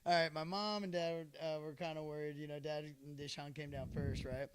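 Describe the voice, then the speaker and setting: A man's voice: on the high side, little pitch movement, a little fast, clear, resonant tone. A man hosting a podcast who tells a story in casual chat, rambling with lots of fillers and laughter. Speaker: podcast host.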